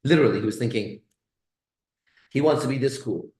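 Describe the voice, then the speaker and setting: A man's voice: mid-range voice, a little fast, a little mellow. A man hosting a live stream in casual chat, boastful and swearing with slangy talk, in a kitchen. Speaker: host. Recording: echoey room.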